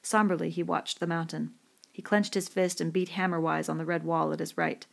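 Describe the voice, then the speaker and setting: Woman reading a book out loud, low creaky voice, steady pace. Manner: measured, descriptive. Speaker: audiobook reader. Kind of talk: scripted narration.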